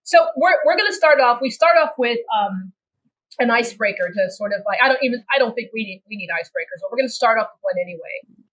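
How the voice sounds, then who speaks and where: A woman's voice: fairly high pitch, animated, fast, fairly bright tone, poor audio. A woman with a Texan accent hosting a podcast, moving from a scripted welcome to upbeat, chatty conversation. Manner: upbeat, chatty, trails into restarts. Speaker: podcast host. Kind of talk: hosting a podcast, scripted intro then casual chat.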